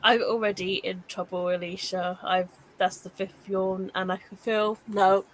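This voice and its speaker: A woman's voice: medium pitch, flat delivery, measured pace, a little hiss or hum, rough recording. A young woman hosting a casual livestream chat, chatty and laughing often between yawns. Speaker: host of a reading sprint livestream.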